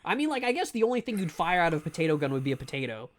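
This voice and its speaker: A man's voice: fairly high pitch, sing-song, rapid-fire, a little hiss or hum. A man streaming a game live, chatting casually to his viewers in a rambling, joking way and often stumbling over words. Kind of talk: casual live gameplay commentary.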